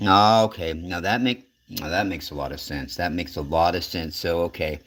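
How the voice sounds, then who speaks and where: A man's voice: sits low, moderate pace, a bit bright. A man hosting a casual talk show, asking long rambling questions that restart and drift, with some swearing. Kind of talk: casual interview chat.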